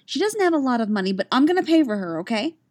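A high, bright little girl's voice put on by a woman, eager and pleading, with her words tumbling out fast. She is a storybook child sticking up for her best friend. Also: sing-song. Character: young girl, eager and pleading.

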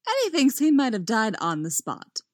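A woman reading fiction aloud in an expressive way, dropping to a soft voice on the narration tags. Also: on the high side, normal speed, dry recording, clean studio sound. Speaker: storyteller.

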